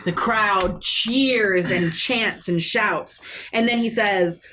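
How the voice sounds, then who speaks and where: A woman narrating a tabletop role-playing game as game master, with lively delivery and frequent ums. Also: mid-range voice, slow, slight background noise. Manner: animated, hesitant fillers.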